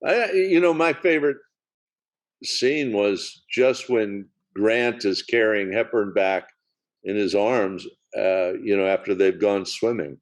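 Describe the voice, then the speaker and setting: A man's voice: on the low side, slow pace. A man co-hosting a podcast, talking casually about old films with many fillers and restarts. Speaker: podcast co-host. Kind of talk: casual film discussion.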